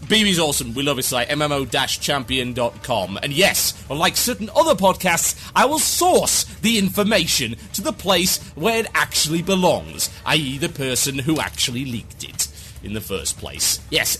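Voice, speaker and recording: A man's voice: a little high, sharp tone. A man hosting a comedic gaming podcast, ranting theatrically and sarcastically. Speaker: podcast host.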